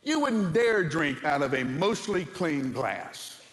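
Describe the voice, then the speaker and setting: A man's voice: on the high side, sing-song, slow, fairly bright tone, in a large hall. A male pastor preaching a sermon, telling humorous stories and asking the congregation rhetorical questions.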